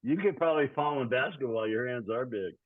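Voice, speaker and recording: A man's voice: mid-range voice, a little fast, dry recording. A man in his sixties, a guest musician, chatting in an easygoing, rambling way over a remote call. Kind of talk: casual podcast chat. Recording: tinny phone-like call audio.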